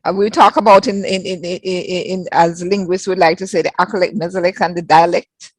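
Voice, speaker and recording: A woman's voice: on the low side, fairly even intonation, brisk. A woman hosting an interview, affirming and echoing her guest's answers. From Jamaica. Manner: affirming, repeats phrases, many backchannels. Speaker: interviewer host.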